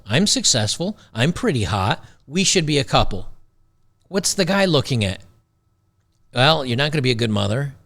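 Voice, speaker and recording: A man's voice: fairly high pitch, creaky, a bit bright. A man hosting a talk show, giving blunt, sarcastic, rambling commentary on a video clip. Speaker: show host.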